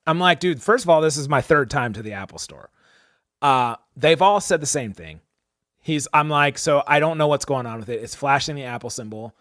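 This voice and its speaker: A man's voice: mid-range voice, lively intonation, a little fast, a bit bright, no echo, studio quality. A young man co-hosting a podcast, telling a story casually and animatedly, acting out the people he quotes, with lots of "like" and "dude". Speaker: podcast co-host.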